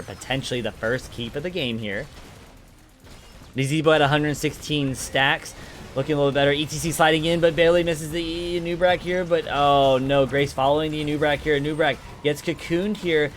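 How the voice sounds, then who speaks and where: Live commentary from an esports caster and streamer: a man with a medium-pitched voice energetically narrates a video game and talks with his viewers. Slight background noise is present, and his voice jumps and cracks upward when things get exciting.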